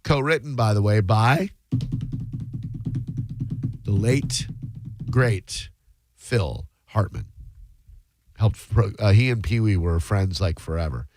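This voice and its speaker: A man hosting a radio call-in show, joking dryly and firing back quick comebacks at callers. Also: fairly low pitch, animated, over music. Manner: wisecracking, dry and quick with comebacks. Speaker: radio host taking calls. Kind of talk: casual radio talk show banter.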